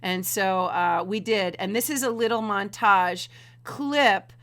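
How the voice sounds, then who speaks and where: A woman's voice: medium pitch, slow pace, fairly bright tone. A woman hosting a casual livestream from home, chatty and fumbling with her setup. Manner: chatty, giggly, fumbling with tech. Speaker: livestream host.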